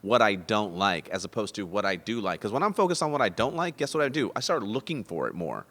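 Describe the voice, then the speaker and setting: A fairly low-pitched man, a stand-up comic guesting on a podcast. He rambles through stories with lots of laughter. His voice hangs in a long reverb from the comedy club room around him. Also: quick pace. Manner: rambling, animated storyteller who laughs often. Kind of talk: casual podcast chat.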